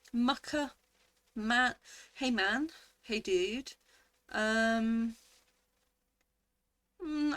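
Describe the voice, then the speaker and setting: A woman's voice: mid-range voice, sharp tone, no room sound. A woman in her forties, a vlogger chatting casually as she reads quiz options aloud and muses over each word.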